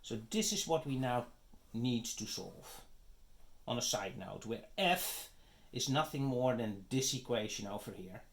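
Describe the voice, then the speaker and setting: Slow, methodical man teaching math. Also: medium pitch, expressive, creaky. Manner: methodical, step-by-step, frequent "okay?" checks. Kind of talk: math lecture.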